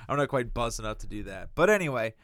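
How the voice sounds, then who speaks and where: A man's voice: mid-range voice, sing-song, fast, fairly bright tone, no room sound, clean studio sound. A man telling a long, exasperated story in casual chat, swearing a lot and acting out the people he quotes.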